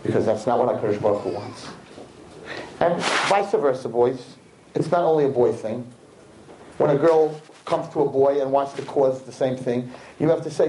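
A man, a rabbi telling a story to a live audience in an animated sermon, acting out the people in it. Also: brisk, roomy sound, slight background noise, low-quality recording. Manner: animated storyteller acting out quotes, swinging loud and high. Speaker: rabbi giving a talk to young people.

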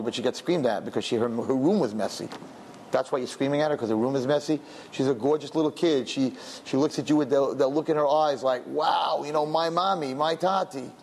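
A middle-aged man, a rabbi, giving an emotional sermon with lots of repetition and animated storytelling. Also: mid-range voice, a little hiss or hum.

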